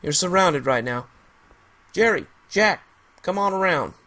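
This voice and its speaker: A man's voice: high-pitched, lively intonation, unhurried, sharp tone, voice pushed up, heavily acted. A man voicing a stern, hostile rifleman who gives snarly, commanding orders. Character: stern gruff male rifleman leader, hostile.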